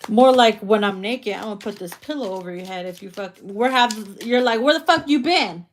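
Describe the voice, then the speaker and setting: A woman's voice: medium pitch, brisk, slight background noise. A woman doing a tarot reading in a casual, bawdy, playful way, laughing often and tossing in slangy asides. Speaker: tarot reader.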